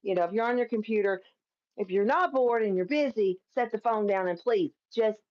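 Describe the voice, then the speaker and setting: A woman from Kentucky speaks briskly in a medium-pitched voice while hosting a casual political live stream. She's talkative and emphatic, laughs often, and swears freely. The sound is lo-fi, captured by a phone or camera.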